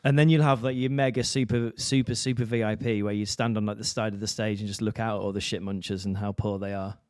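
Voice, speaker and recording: A man's voice: lowish voice, steady tone, quick pace, a little mellow, clear, resonant tone, no echo, clean studio sound. A man, co-hosting a podcast in casual, sweary, joking banter. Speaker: podcast co-host.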